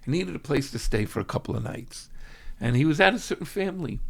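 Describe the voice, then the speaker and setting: A man from Brooklyn, a rabbi giving an expressive Torah lesson that breaks into loud mock shouting. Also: a little high, fast talker, gravelly, slightly rough. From Brooklyn, New York. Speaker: rabbi teaching a weekly class.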